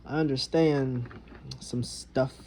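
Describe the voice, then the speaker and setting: A man's voice: medium pitch, steady tone, takes it slowly, a little mellow, a little hiss or hum, poor audio. A young man venting in a rambling, frustrated way, swearing heavily as he talks to the camera. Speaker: vlogger. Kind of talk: casual venting monologue.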